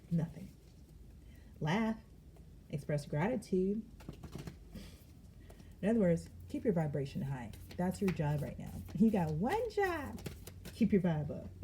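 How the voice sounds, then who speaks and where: A woman with a mellow, lowish voice gives a casual tarot reading, chatting with viewers she calls "y'all" and often laughing. She is a parent of young children, and the audio carries a little hiss or hum.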